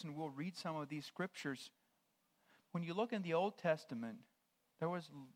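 A preacher with a slightly high voice explains word meanings in measured, short phrases. He shifts from quiet near-whispers to loud proclamations.

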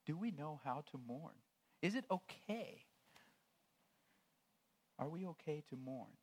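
Delivering a sermon, a man with a fairly high, animated voice lays out the meanings of words in short, measured phrases, moving from near-whispers to loud proclamations.

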